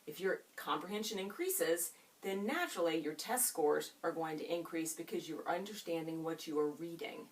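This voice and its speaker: Expressive woman teacher, a little off-mic. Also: low voice, distant mic. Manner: expressive, drawn-out teacherly delivery with questions to students. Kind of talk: classroom reading lesson. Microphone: camera set up in the room.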